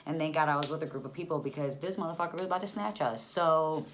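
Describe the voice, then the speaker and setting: A young woman telling a storytime vlog in a heated, profane way, often bursting out loud, from the Buffalo area of New York. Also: sits low, steady tone, fast talker, slight background noise. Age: young adult.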